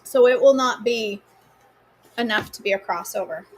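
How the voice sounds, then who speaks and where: A woman's voice: a little high, moderate pace, slight background noise. Chatty woman with a Maine accent. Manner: chatty, teasing, answers viewers by name. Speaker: host of a live cooking stream. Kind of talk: casual live-stream chat.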